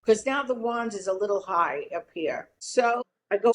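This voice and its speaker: A woman's voice: mid-range voice, animated, normal speed. An older woman, a podcast guest telling a long story bluntly and with salty swearing. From Brooklyn, New York. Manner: brash, blunt, swears freely.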